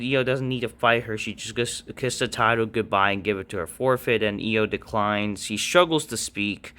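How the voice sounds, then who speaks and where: Male wrestling reviewer, casual profane rant, smooth mid voice. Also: sharp tone. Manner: blunt, profane, frequent fillers and restarts; mocking high-pitched impressions of others.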